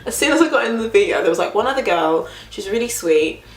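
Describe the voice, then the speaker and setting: A young British woman in her twenties telling a storytime vlog in a chatty, animated way, full of filler words. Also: medium pitch, fast. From Britain. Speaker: vlogger. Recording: echoey room.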